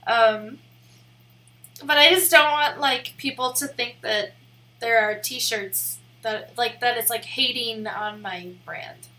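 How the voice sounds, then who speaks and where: A woman's voice: a little high, takes it slowly, pushed and bright. A young woman streaming live, rambling in a casual, giggly way with lots of "like" fillers. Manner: rambling and giggly, heavy use of "like".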